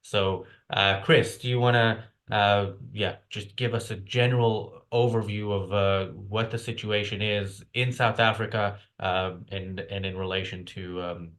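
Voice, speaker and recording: A man's voice: lowish voice, steady tone, measured pace, hardly any pauses, a bit bright. A man hosting an online talk show, speaking hesitantly with many fillers and restarts. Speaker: host. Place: lives in the UK.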